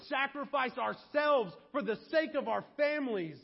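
Pastor guy preaching, swings loud and soft, high pitched, muffled old recording. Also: moderate pace, vocal fry, husky, long reverb tail. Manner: animated, acts out quoted voices and shouts for effect. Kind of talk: sermon. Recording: dull lo-fi sermon audio.

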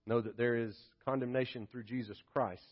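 Emphatic pastor preaching, lo-fi. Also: male voice, medium pitch, steady tone, a little fast. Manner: dynamic, swings from hushed to loud and emphatic. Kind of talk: sermon. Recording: dull lo-fi sermon audio.

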